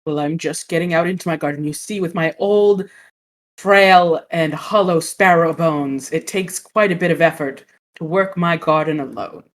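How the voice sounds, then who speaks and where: Brief: woman voicing an old grouchy sparrow, weary grumbling, low pitch. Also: moderate pace, close to an everyday voice.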